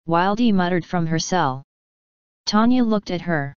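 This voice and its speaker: A woman reading fan fiction aloud in a measured narration. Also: fairly low pitch, lively intonation, clean tone, dry recording, dull audio. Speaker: fanfiction reader. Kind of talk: audiobook narration.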